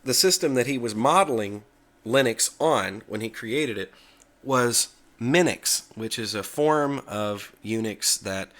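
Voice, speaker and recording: A man hosting a casual tech talk video from the United States, relaxed and chatty, sometimes correcting himself as he goes. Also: on the low side.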